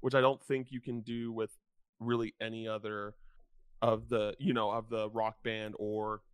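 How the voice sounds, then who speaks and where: A man's voice: on the low side, little pitch movement, moderate pace, clear, resonant tone, no room sound. A young man rambling in casual podcast chat, filling his talk with "like" as he goes. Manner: rambling, full of "like" fillers. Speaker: podcast co-host.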